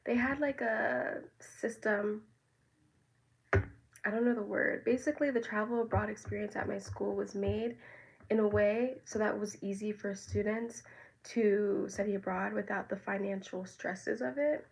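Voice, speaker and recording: Talking straight to camera, an American vlogger in her twenties chats casually, full of fillers, restarts, and wandering tangents. Her voice is creaky, steady, mid-pitched, and a little slow, captured on a rough recording.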